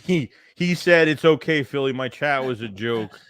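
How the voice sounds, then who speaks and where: A man co-hosting a casual sports podcast, relaxed and joking. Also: mid-range voice, moderate pace, clean tone. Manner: laid-back, joking asides. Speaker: podcast co-host.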